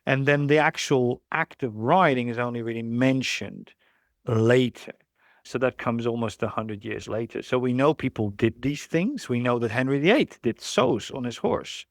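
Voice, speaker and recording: A man's voice: mid-range voice, normal speed, no echo, clean studio sound. A man who is a guest on a podcast, explaining history in a thoughtful, rambling way with many restarts. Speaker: guest, historical riding expert. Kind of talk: conversational explanation.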